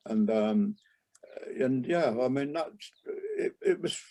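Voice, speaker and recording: An older man, a jazz trumpeter, reminiscing in a relaxed interview, rambling with many restarts and asides. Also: mid-range voice, takes it slowly, vocal fry. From England.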